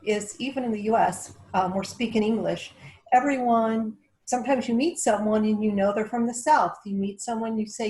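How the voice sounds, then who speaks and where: A woman's voice: a little high, moderate pace, warm tone, poor audio. A woman taking part in a workshop on a video call, adding her view in a friendly, conversational way. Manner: friendly, conversational, uses fillers. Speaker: workshop participant. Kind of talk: workshop discussion comment.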